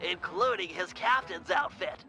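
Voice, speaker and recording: A fussy, cautious turtle sidekick from a video game, keeps lecturing the team on how to stay safe. The voice sits high and very bright, with a quick, instructive edge. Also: male voice, lively intonation, exaggerated voice. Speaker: game character. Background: game music.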